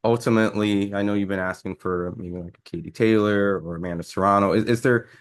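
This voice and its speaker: A man's voice: lowish voice, fairly even intonation, brisk. A man interviewing a fighter, asking long, hesitant questions full of "um" and restarts.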